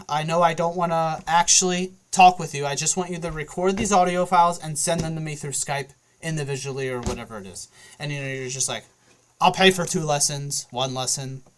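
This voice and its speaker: Rambling man with a higher voice. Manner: loose, filler-heavy, often checks in with "okay?". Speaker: vlogger. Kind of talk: casual rambling monologue.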